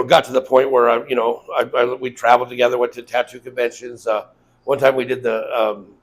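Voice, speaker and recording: A tattoo shop owner from Las Vegas, appearing as a guest in a casual interview, tells loose, profane stories and acts out what people said to him. His mid-range voice is level and brisk, and the recording quality is low.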